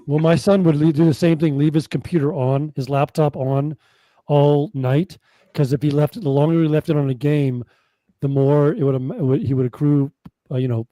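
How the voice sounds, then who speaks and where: Guy on a video call, mellow voice a bit high, quick and laughy, dry sound. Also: steady tone, no room sound, low-quality recording. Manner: quick back-and-forth, laughs often. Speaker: podcast co-host. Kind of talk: casual chat. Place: home, on a livestream.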